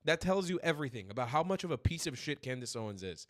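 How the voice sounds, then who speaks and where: Brief: man streamer, angry political rant, swears constantly, slightly high voice, dry close room. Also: sing-song, fast, dry recording. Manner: furious, profane ranting. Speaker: streamer host.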